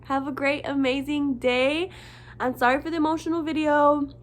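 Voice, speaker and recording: A woman with a high voice talks to her viewers in an earnest, heartfelt monologue. Her delivery is casual and emotional. It swings between hushed and forceful. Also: steady tone, moderate pace. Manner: earnest and impassioned, casual and profane. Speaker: vlogger. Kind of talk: heartfelt direct-to-camera monologue.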